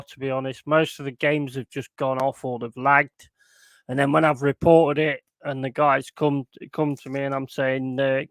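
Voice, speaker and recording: A man's voice: medium pitch, a bit bright, no room sound. A man chatting casually to his live stream viewers in a rambling, sweary way, chuckling often. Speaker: football watchalong streamer.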